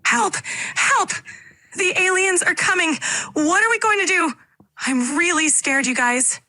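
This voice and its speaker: An AI voice assistant with a woman's voice performs a frightened read on request. Her voice is extremely high and bright. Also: a little slow.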